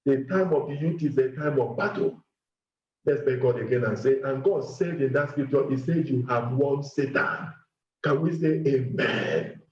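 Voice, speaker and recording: A man preaching and leading a fervent, repetitive prayer, sometimes breaking into shouting and speaking in tongues. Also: mid-range voice, moderate pace. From Nigeria. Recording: echoey, dull lo-fi room recording.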